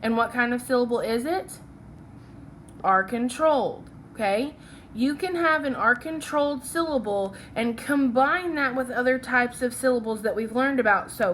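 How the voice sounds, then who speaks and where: A young woman teacher leading a phonics lesson, talking slowly and checking in often with "okay?" as she writes along. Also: on the high side, a little hiss or hum. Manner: slow, patient, checks in with "okay?".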